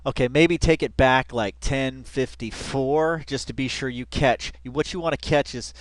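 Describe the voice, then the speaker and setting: A man's voice: mid-range voice, a little slow, dry recording. A man giving casual reaction commentary, rambling with lots of fillers and bursts of laughter. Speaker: reaction video host.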